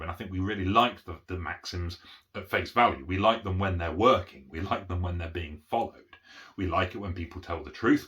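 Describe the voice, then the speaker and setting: A man's voice: deep voice, sharp tone. A middle-aged man giving an unscripted one-take talk about autism, explaining step by step and often checking understanding with "okay?". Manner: frequent restarts and fillers. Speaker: autism educator.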